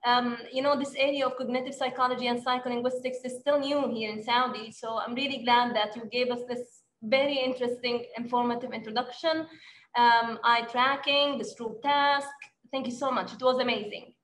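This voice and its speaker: A woman's voice: on the high side, steady tone, moderate pace, fairly bright tone. A woman hosting a session, thanking the speaker in an appreciative, effusive way. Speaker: host. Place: Saudi Arabia. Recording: echoey room with faint hiss.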